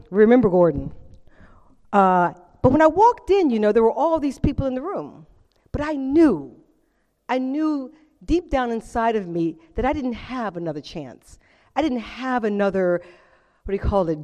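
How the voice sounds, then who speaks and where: Middle-aged woman, somewhat high voice, lively testimony to a live group, reverberant hall. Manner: animated storytelling, acts out quotes, laughs often. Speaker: speaker sharing at a recovery meeting. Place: meeting room with audience.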